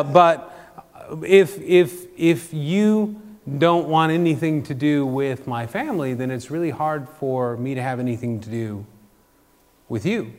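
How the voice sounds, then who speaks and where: A middle-aged man preaching a sermon as a pastor, conversational and joking, swinging between loud emphatic bursts and quiet low asides. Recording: long reverb of a large hall.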